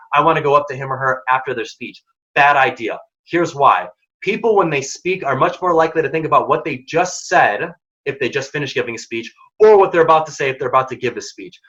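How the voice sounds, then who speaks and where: A man presents a career-skills workshop in a direct, energetic way and breaks into quick acted dialogue. His voice is bright and forceful, pitched a little high. The audio sounds dull and lo-fi. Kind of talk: career advice talk.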